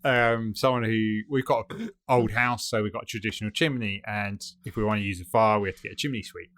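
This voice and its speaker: A man's voice: fairly low pitch, steady tone, brisk, fairly bright tone. A man co-hosting a design podcast in casual chat, hesitant and rambling with many fillers. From United Kingdom. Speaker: podcast co-host.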